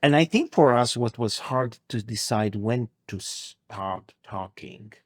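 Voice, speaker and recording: A man's voice: medium pitch, animated, slow pace, no room sound, clean studio sound. A man from Romania guesting on a podcast, speaking hesitantly with many fillers and some jokes. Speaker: guest, family ministry worker. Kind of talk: casual conversation.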